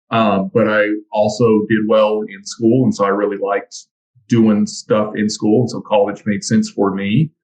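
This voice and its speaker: A man being interviewed on a podcast, explaining his background as a trade instructor in a relaxed, matter-of-fact way. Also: on the low side, low-quality recording. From Texas. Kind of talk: conversational interview.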